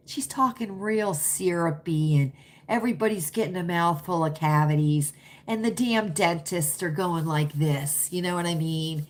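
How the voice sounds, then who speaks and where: This woman's voice is fairly low and her speed normal as she runs a casual livestream. She chats and replies to viewers' comments, sounding emphatic, opinionated and repetitive.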